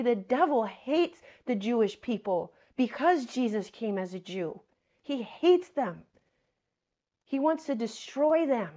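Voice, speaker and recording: A woman's voice: high voice, a little mellow, dull audio. A woman preaching a sermon, reading scripture aloud and explaining it earnestly, repeating key phrases and addressing her listeners as friends.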